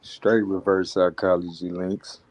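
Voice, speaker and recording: A man's voice: sits low, little pitch movement, a little slow. A man co-hosting a casual comedic chat, wry and incredulous, swearing freely. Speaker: co-host. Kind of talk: casual comedic reaction talk.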